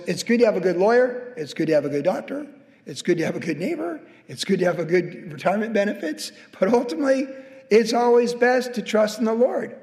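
A middle-aged pastor with a high, darkish voice delivers a conversational sermon that builds into emphatic exhortation. He's in a church sanctuary, and the recording carries a long hall reverb.

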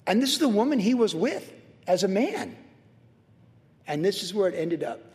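Middle-aged male pastor, lively verse-by-verse teacher, slightly high voice, long hall reverb. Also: moderate pace. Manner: animated storytelling with acted-out quotes.

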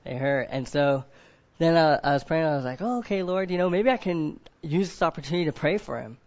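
A man's voice: on the high side, animated, brisk, darkish tone, highs cut off. A man preaching a sermon to a group of men. He keeps asking them questions, often adds "right?", and acts out other people in quoted voices.

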